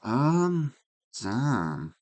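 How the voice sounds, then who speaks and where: A man thinking aloud as he works through chess puzzles, musing and muttering with frequent hums and pauses, mildly exasperated at himself. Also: mid-range voice, very animated, a little mellow. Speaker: chess streamer.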